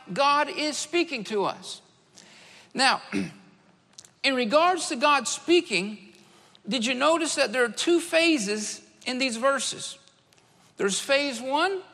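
High, bright-voiced preacher in an echoey hall. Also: male voice, vocal fry. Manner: earnest preaching with rhetorical questions. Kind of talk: sermon. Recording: echoey church hall reverb.

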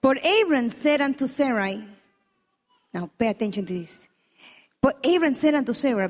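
Woman preacher, high voice, emphatic sermon, lots of questions to the crowd, big echoey church hall. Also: moderate pace, pauses often. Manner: emphatic, animated, exclaiming and questioning the congregation.

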